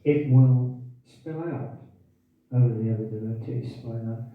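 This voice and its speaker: A man's voice: medium pitch, unhurried. Brief: male lecturer, scripture class, asks the room questions, hiccups, distant tinny mic, big echo. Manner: questions the audience, repeats key phrases. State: has hiccups. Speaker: teacher giving a scripture class.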